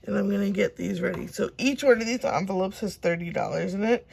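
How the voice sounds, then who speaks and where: A young woman chatting casually as she counts and sorts cash, talking to herself now and then and dropping into soft whispers. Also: mid-range voice, fairly quick, gravelly, slight background noise. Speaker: budgeting vlogger.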